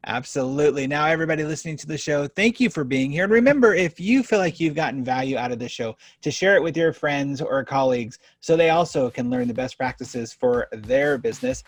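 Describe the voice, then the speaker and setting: Guy hosting a podcast, husky voice, dry close sound, keeps hyping his guest. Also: fairly high pitch, fast talker, few pauses, no room sound. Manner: upbeat and effusive, lots of praise. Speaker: podcast host. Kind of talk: casual interview chat.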